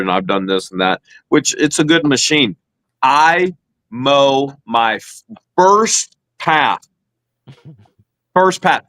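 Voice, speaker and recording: A man's voice: mid-range voice, fairly bright tone, no room sound, rough recording. A man co-hosting a casual chat, telling a long story and acting out his own quotes. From Ohio, USA. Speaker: co-host.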